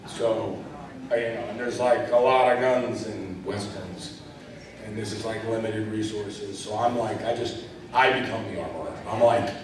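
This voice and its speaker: With a crowd audible behind him, a man with a fairly low, steady voice speaks at normal speed on a convention panel. The actor rambles through stories full of fillers, heard from afar in a big, echoing hall.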